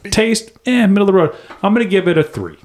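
A man's voice: sits high, quick pace, crowd noise. A man hosting a casual beer-tasting podcast, laughing often as he talks. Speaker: podcast host.

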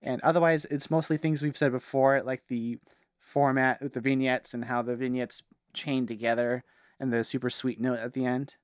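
A man co-hosting a casual podcast chat, relaxed and quick to laugh. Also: medium pitch, no echo, clean studio sound. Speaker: podcast co-host.

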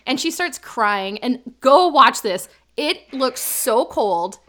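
A woman in her thirties, an animated storyteller casually recapping a drama as a podcast co-host. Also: high-pitched, slow, few pauses.

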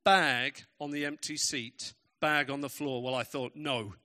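A man's voice: on the high side, steady tone, a little slow, sharp tone. A man preaching a sermon, telling stories with emphatic, varied pacing.

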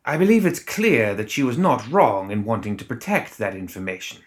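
A man voicing a cold, scheming male secretary who speaks quietly with controlled menace. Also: fairly low pitch, big pitch swings, moderate pace.

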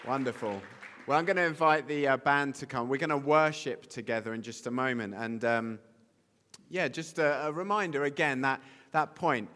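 A man's voice: mid-range voice, moderate pace, fairly bright tone, some chatter behind. A man interviewing a guest on stage and leading a church gathering, affirming and reflective, recorded in a large reverberant hall.

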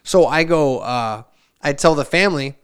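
A man in his forties who co-hosts a podcast tells a rambling family story with many asides and restarts. His slightly high voice has a clean tone and moderate pace, and he loudly, animatedly performs relatives' lines in shifting voices.

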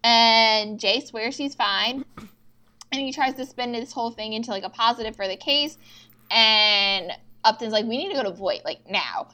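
Young female podcast co-host, casual, animated, higher voice. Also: moderate pace. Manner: animated retelling with quoted dialogue and swearing. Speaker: podcast co-host recapping episodes. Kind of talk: casual chat.

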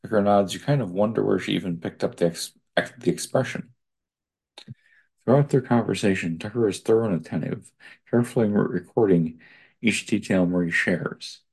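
A man's voice: on the low side, normal speed, gravelly, darkish tone, husky. A man reading an article aloud and breaking off to add his own digressive comments.

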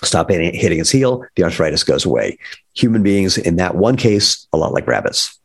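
A man's voice: deep voice, sing-song, fairly quick, vocal fry, husky. A man speaking as a guest about footwear, explaining with enthusiasm and wry asides. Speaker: footwear company founder as guest. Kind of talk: energetic explanatory talk.

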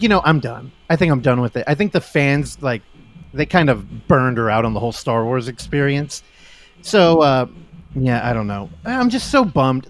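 A man from the San Francisco Bay Area co-hosting a casual film podcast, ranting and swearing freely. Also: on the high side. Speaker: podcast co-host.

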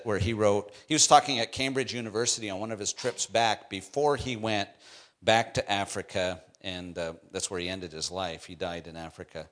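A middle-aged male pastor preaching a sermon, moving from quiet, intense passages to loud, climbing emphasis. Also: fairly low pitch.

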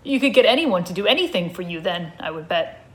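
A woman voicing a flustered, defensive male tiger who rambles through quick denials, as part of a comic story reading at a live show. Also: lowish voice, lively intonation, close to an everyday voice. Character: anxious, defensive male tiger, imaginary friend.

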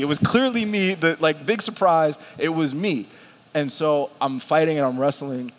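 A man delivering a sermon in a church, animated and storytelling, breaking into laughter as he quotes himself. His voice sits a bit high for a man. The long reverb of a big hall trails after his words. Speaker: preacher. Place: church sanctuary.

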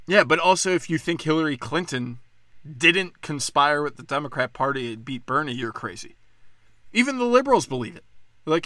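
A man delivering a profane, sarcastic political rant, swinging between loud outbursts and low muttering. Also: very animated, normal speed, no room sound. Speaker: political commentator.

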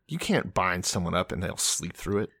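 A man with a low, gravelly voice co-hosts a casual podcast in a dry, close sound. He swings his pitch up and down a lot. He is sarcastic, laughs often and swears. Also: very animated, moderate pace, a bit bright, no echo. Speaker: podcast co-host. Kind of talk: casual comedic Bible retelling.

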